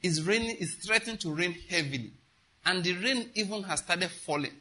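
A man's voice: high-pitched, a little fast, pushed and bright, slight background noise. A man preaching a sermon with emphasis, often stopping to ask his congregation questions.

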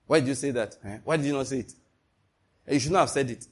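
Preaching with energy and emphasis, this man keeps hitting his audience with one rhetorical question after another. He talks fast in a medium-pitched voice.

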